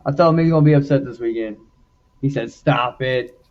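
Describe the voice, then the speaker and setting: A man in a casual sports chat, lively and talkative as he makes his picks. His voice sits in a middle register. The sound is a little dull and lo-fi. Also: medium pitch, a little fast. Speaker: podcast co-host.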